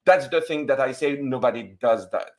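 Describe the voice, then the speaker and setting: A man arguing as a debate guest, halting and hesitant, full of fillers. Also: mid-range voice.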